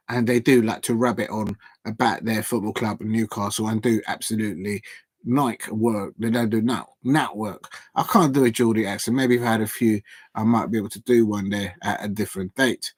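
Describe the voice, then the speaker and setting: A man hosting a live football watch-along from home, chatting in a rambling, hesitant way with lots of fillers and restarts and giving shout-outs to viewers. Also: medium pitch, dry recording. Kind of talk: casual live match commentary.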